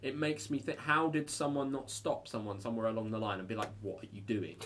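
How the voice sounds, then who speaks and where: A man's voice: mid-range voice, fast talker, a bit bright, slight background noise. A wry man in casual chat, co-hosting a film review podcast. He sounds opinionated in a mid-range voice and often restarts his sentences.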